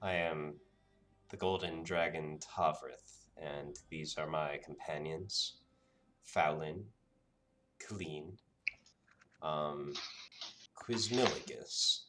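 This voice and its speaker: Brief: man voicing a solemn golden dragon, low, soft, measured speech. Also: distant mic, slight background noise, heavily acted. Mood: formal. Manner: formal, measured, quiet.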